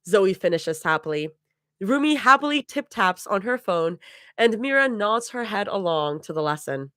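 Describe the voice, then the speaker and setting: A woman's voice: medium pitch, lively intonation, normal speed, sharp tone, no echo. Woman reading fan fiction live, dry sound. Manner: laughs and stumbles over hard words.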